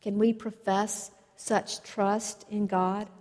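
A woman delivers a sermon at an unhurried pace, taking her time through each story. Her voice sits in a middle register. A long reverb from a large hall trails after her words. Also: mid-range voice, level tone, darkish tone. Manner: slow, measured storytelling delivery. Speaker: preacher.

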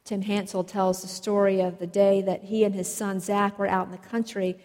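A woman preaching a sermon, telling stories in a slow, measured way. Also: mid-range voice, level tone, a little mellow. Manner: slow, measured storytelling delivery. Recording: long reverb of a large hall.

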